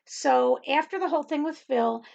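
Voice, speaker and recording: A woman's voice: sits high, normal speed, vocal fry, darkish tone, muffled recording. A middle-aged woman telling a rambling testimony in casual talk, with many ums and frequent laughter. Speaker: Bible study host and teacher.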